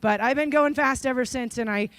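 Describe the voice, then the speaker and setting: A woman in her forties from Idaho giving a conference keynote, telling stories in a lively way and acting out the people in them. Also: high-pitched, a little fast, dry recording. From Idaho, USA. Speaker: keynote speaker. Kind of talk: storytelling speech. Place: conference stage.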